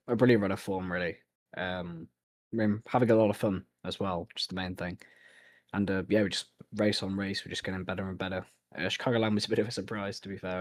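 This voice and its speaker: A young man from central England with a Birmingham accent, giving a relaxed post-race interview and laughing often. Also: low-pitched, no room sound. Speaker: sim racing driver.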